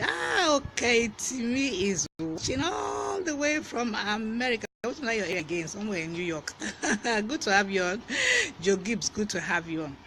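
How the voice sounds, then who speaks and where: A man's voice: sits high, a little hiss or hum, poor audio. A man from Nigeria with a Nigerian English accent, hosting a casual live-stream vocabulary lesson and greeting viewers by name. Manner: lively, greets viewers by name, laughs often.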